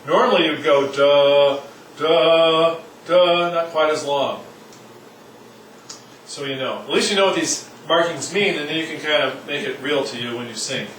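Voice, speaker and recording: A man's voice: a little high, measured pace, fairly bright tone. A man teaching a casual music lesson, joking around and singing short demonstration syllables. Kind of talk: informal classroom lesson. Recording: echoey room, mic at a distance, faint noise.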